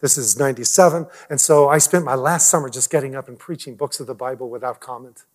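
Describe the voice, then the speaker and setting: A middle-aged man, a pastor, telling a personal story in a lively way, at times dropping almost to a whisper. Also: mid-range voice, fast talker. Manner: animated, drops to near whispers.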